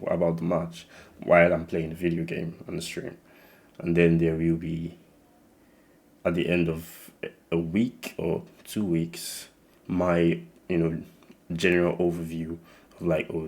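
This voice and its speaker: A man's voice: sits low, a little mellow. A young man with a Nigerian-tinged accent casually introducing his channel, rambling with many restarts and fillers. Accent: Nigerian English mixed with slight American. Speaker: channel host.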